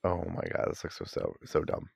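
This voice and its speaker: A man's voice: a little fast, darkish tone, dry recording, studio quality. A man in casual chat, skeptical and sardonic, swearing freely.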